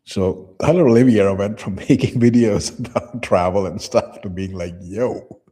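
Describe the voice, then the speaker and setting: A man's voice: on the low side, normal speed, mellow, slightly rough. A man giving casual, rambling livestream commentary in a loose, profane manner. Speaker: streamer reacting to clips.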